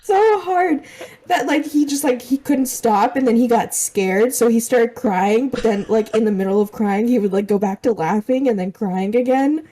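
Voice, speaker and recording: A young woman co-hosting a podcast, chatting in a relaxed, rambling way and laughing along. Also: a little high, moderate pace, few pauses. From Canada. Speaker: podcast co-host. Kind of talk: casual chat.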